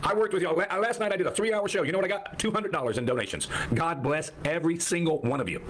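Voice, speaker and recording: A man ranting angrily on a livestream, swinging from shouting to muttering. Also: a little high, fast talker, a little hiss or hum. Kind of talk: angry livestream rant.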